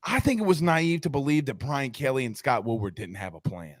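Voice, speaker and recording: A man, hosting a sports talk show, telling stories in an animated, joking way. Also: mid-range voice, a little fast, dry recording, clean studio sound.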